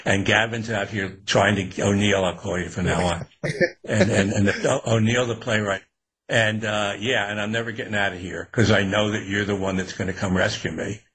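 An older man, an author being interviewed, talking in a relaxed, rambling way with frequent restarts. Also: on the low side, moderate pace, slightly rough. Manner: relaxed, rambling, laughs often. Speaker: author guest. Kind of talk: casual interview talk.

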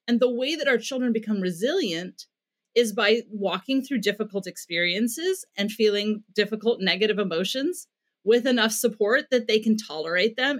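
A woman's voice: on the high side, fairly bright tone. Earnest woman explaining parenting methods. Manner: earnest, explains with example dialogue. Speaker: parenting expert guest. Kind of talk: explanatory interview talk.

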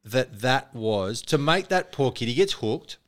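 Australian man, mid-pitched voice, podcast co-host, wry, questioning, casual. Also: animated, unhurried.

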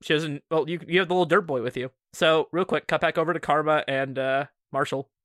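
A woman narrating a tabletop game as game master in an animated, giggly storytelling manner. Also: low-pitched, fairly quick, no echo, clean studio sound.

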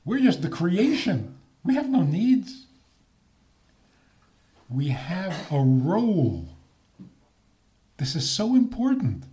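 A man's voice: sits high, huge pitch swings, takes it slowly, pauses often, mellow, a little hiss or hum. A man giving a lecture with humor, asking rhetorical questions and chuckling at his own points.

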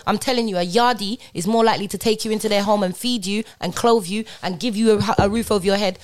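A woman's voice: mid-range voice, steady tone, fast talker, a little mellow. A woman, talking in a casual group chat and making her points with emphatic slang-heavy storytelling.

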